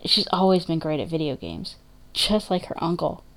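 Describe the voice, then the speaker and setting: A woman voicing a gentle, grieving woman who is a soldier's sister, talking softly and hesitantly, with apologies. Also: fairly low pitch, sing-song, normal speed, background noise.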